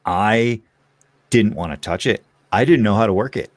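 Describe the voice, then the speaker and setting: Man, low voice, candid storyteller, casual podcast chat, dry close sound. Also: normal speed, no echo. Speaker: guest.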